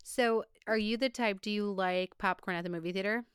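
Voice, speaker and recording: A woman's voice: medium pitch, a little fast, clean tone. A young woman hosting a podcast, chatting in an easygoing, agreeable way with light jokes. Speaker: podcast host. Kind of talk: casual chat.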